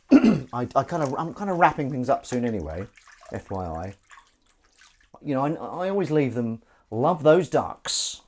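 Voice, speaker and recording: A man's voice: mid-range voice, sing-song, normal speed, long pauses, darkish tone. An English man hosting a live stream, chatting in a jokey, rambling way with viewers while he washes dishes. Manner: jokey, rambling, chats to viewers between tasks. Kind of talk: casual chat while washing dishes.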